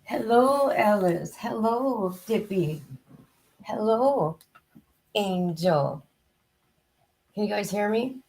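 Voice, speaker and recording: Woman streamer, hoarse and gravelly, loose chatty delivery, greets her regulars by name. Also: medium pitch, animated, slow, pauses often, a little mellow. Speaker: livestream host. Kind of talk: casual chat to live viewers. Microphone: new desk microphone, headset off.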